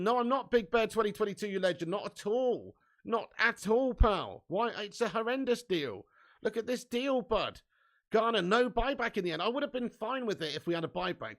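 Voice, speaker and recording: A man's voice: high voice, fairly bright tone. A man hosting a casual fan live stream, chatty and laughing often, swearing freely and reading viewer comments aloud.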